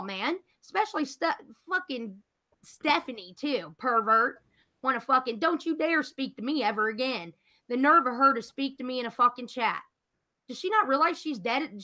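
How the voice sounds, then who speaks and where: Woman, angry profane venting, bright tone, higher pitch, casual stream chat. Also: animated, moderate pace. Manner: profane, heated, ranting. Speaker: livestream guest.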